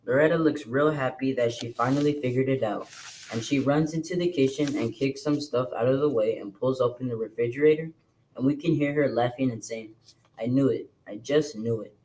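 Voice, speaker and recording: A man reading a novel aloud to a class in plain, steady storytelling. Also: medium pitch, a little fast, a little hiss or hum, low-quality recording. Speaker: reader.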